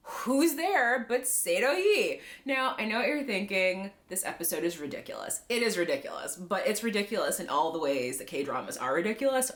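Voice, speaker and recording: Chatty woman recapping a drama, lively pitch. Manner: animated storyteller, heavy use of "like", laughs often.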